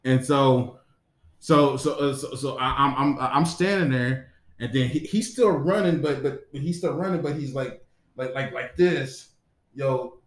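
In an echoey room, a male podcast co-host tells a lengthy dream story in a mid-range voice at a measured pace. The casual telling meanders, full of profanity and constant restarts.

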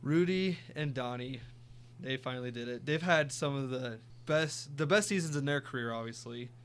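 A man's voice: mid-range voice, normal speed, slight background noise. A young man co-hosting a sports podcast, casually reeling off stats and teasing. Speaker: podcast co-host.

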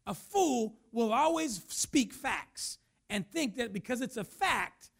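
A man's voice: high voice, a bit bright. A man preaching a sermon as pastor, emphatic, now and then acting out the voices of the people he talks about.

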